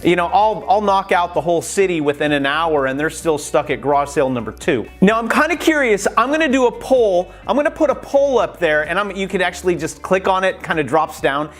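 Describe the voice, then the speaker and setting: Man, high voice, casual vlogger, lively tips, light music underneath. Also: fairly quick, hardly any pauses. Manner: chatty and animated, acts out quoted exchanges. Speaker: YouTube creator. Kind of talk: casual how-to vlog.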